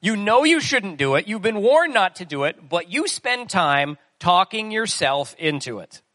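A man's voice: high-pitched, big pitch swings, measured pace, bright, forceful tone, no echo. A man preaching a sermon in a conversational way, asking the listeners questions as he goes. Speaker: pastor.

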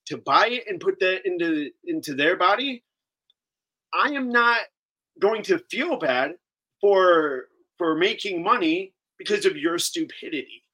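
A man speaking as a guest on a live talk show, halting and repeating himself, a little flustered. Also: high voice, expressive, sharp tone, poor audio.

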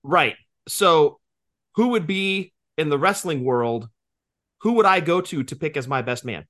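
A man's voice: on the high side, expressive, measured pace, fairly bright tone. A man in his forties co-hosting a podcast, joking and profane in casual banter, explaining things at length. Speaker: podcast co-host.

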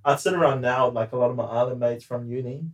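A man's voice: medium pitch, quick pace. A man, chatting casually and acting out quotes as he tells stories, laughing often. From New Zealand. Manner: animated storyteller, acts out quotes, laughs often. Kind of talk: casual chat.

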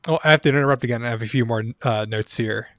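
A man's voice: mid-range voice, fast talker, fairly bright tone, dry recording, clean studio sound. A man in a casual movie discussion who reads trivia from his notes, with many fillers and frequent laughs. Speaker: podcast co-host reading trivia notes.

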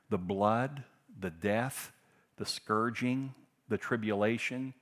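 Impassioned low-voiced male preacher. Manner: impassioned, swings between loud emphatic bursts and hushed tender lines. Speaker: pastor. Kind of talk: sermon.

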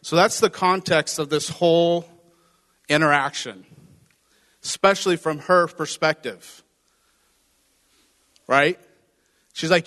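A man's voice: a little high, slow, pauses often, a bit bright. A man preaching a conversational sermon, reading scripture and explaining it with playful acted asides. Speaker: pastor. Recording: hall reverb.

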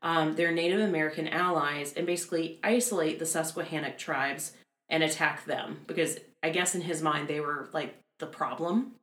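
A woman with a low voice recounts history in a relaxed, chatty way, dropping sarcastic asides and laughing often. The room around her is echoey. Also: normal speed. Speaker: podcast co-host telling history. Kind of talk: casual chat.

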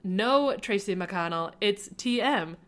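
Woman reading as earnest middle-aged dad, lovesick, animated read-aloud, mid-pitched. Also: takes it slowly.

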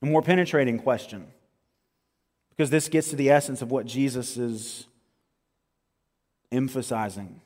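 A man's voice: medium pitch, darkish tone. Man preaching in a reverberant hall. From American South. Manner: earnest, rising to emphatic peaks, slows for stress. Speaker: pastor. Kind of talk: sermon.

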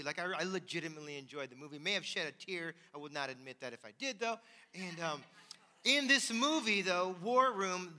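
A pastor preaching in a church with a high, bright, forceful voice. He talks conversationally and with emphasis, tossing "right?" to the congregation, and a long reverb hangs in the hall. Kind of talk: sermon. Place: church sanctuary.

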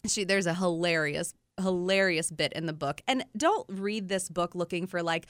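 A woman's voice: on the low side, moderate pace, dry recording. A woman hosting a radio show in a studio, chatting casually about books and laughing often. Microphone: studio microphone.

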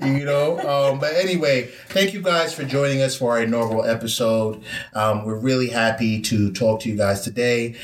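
A young man from the Caribbean hosting a casual podcast chat, relaxed and easygoing with plenty of fillers. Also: medium pitch, moderate pace, a little hiss or hum. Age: young adult. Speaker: podcast host. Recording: roomy echo.

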